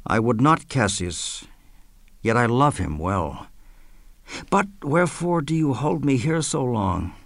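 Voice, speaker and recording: A man's voice: medium pitch, very animated, takes it slowly, gravelly, no echo, full character voice. An actor playing Brutus, an honourable, troubled Roman nobleman, speaking Shakespearean verse in an earnest, declamatory way. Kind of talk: Shakespearean verse drama reading.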